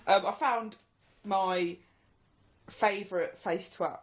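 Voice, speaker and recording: A woman co-hosting a comedy podcast, animated and quick with dry, self-deprecating quips. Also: mid-range voice. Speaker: podcast co-host. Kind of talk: casual comedy chat.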